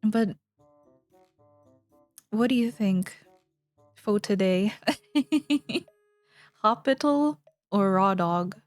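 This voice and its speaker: A woman's voice: medium pitch, drawn-out words, pauses often, dry recording, soft background music. A young woman streamer chatting casually with her viewers, rambling, giggling and trailing off mid-sentence. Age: young adult.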